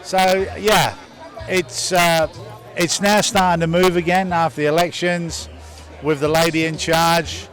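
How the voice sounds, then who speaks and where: A man's voice: fairly high pitch, little pitch movement, unhurried, fairly bright tone, a faint crowd. A man talking casually about his business in an interview, telling anecdotes. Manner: chatty, anecdotal. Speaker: business owner interviewed at an event.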